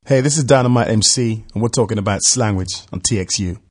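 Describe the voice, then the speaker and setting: Husky British radio presenter, man. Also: lowish voice. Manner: measured, explanatory. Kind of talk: scripted radio narration.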